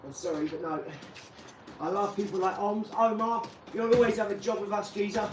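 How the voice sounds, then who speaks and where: Man vlogger, high-pitched, blunt, rambling; far from the mic with noticeable noise. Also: steady tone, moderate pace. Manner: rambling, blunt, swears then apologizes. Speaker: channel host. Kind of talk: casual vlog monologue. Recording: echoey room, far from mic, clear background noise.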